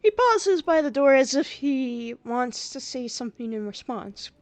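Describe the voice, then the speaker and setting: Brief: slow, chatty woman streamer, slightly high voice, faint music under. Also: very animated, no echo. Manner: giggly, reactive, chatty. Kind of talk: game playthrough with reading aloud.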